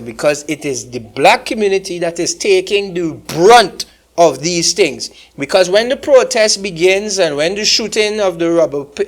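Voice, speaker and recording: A man with a Guyanese accent, an activist guest speaking earnestly on a panel and stressing key words. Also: high-pitched. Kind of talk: panel discussion.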